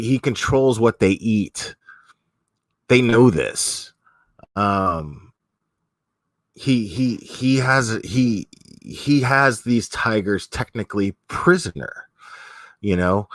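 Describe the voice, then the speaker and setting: A man's voice: fairly low pitch, fairly bright tone, no room sound. A man giving casual commentary as a streamer, rambling with many restarts and frequent swearing.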